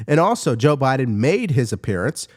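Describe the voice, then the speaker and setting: A man speaking to his viewers as a political commentary host. He talks with animated emphasis, and his pitch climbs as he presses each point. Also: normal speed. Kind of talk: opinionated commentary to camera.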